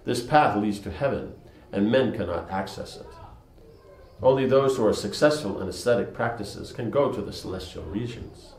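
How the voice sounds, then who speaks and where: A man voicing a lazy, ancient male monkey in a story he reads aloud, speaking in a slow, lofty and measured way. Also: fairly low pitch, animated, darkish tone, reverberant, a little hiss or hum, poor audio.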